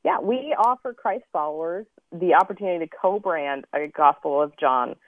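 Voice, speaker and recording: A woman's voice: fairly low pitch, animated, normal speed, no echo. A woman calls into a radio show and explains a program in a businesslike way. Her voice comes through a tinny, dry phone line. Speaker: ministry membership director. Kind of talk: guest on a radio interview.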